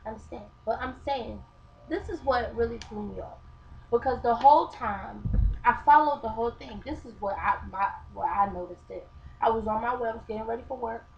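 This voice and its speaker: A young-sounding woman vlogger chats casually about her opinions, telling a story in a mocking way and acting out quotes. Her voice is a little high and brisk with vocal fry, captured with dull lo-fi webcam sound and faint hiss.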